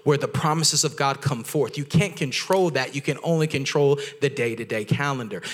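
A young man preaching as a guest speaker, telling stories excitedly and driving home his points with animated, emphatic delivery. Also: on the high side. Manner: excitable, storytelling, acts out voices in anecdotes. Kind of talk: energetic sermon.

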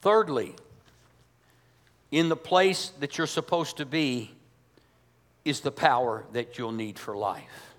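A pastor delivers a sermon in a church, his medium-pitched voice slow and broken by long pauses. He's emphatic yet conversational, putting rhetorical questions to the congregation. The recording carries a long hall reverb.

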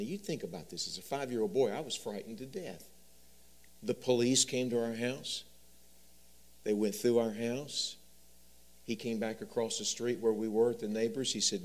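A man preaching a sermon, telling stories and swinging from loud emphasis to soft, quiet delivery. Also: lowish voice. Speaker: pastor.

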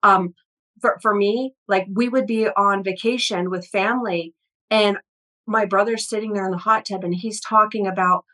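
A woman's voice: medium pitch, low-quality recording. A middle-aged woman, an energy healer, telling personal stories in an interview, full of restarts and quoted voices. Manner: animated, quick, many restarts, quotes people. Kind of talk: conversational storytelling interview.

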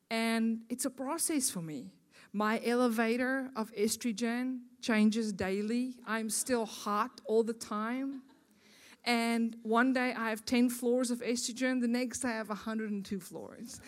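South African woman speaking at a ministry. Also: on the high side. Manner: chatty, joking, warm with the audience. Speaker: guest speaker. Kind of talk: women's ministry talk.

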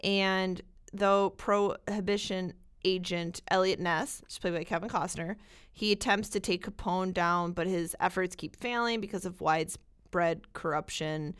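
Smooth-voiced young woman co-host, chatty. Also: lowish voice, a little slow. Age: young adult. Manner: laughs often, relaxed and chatty. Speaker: podcast co-host. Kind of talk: casual chat about movies.

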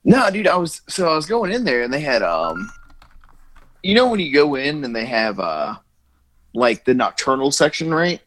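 A man's voice: on the high side, sing-song, normal speed, a bit bright, dry recording. A man co-hosting a podcast, telling rambling stories in casual chat and swearing a lot. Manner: profane, rambling storyteller. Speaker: podcast co-host.

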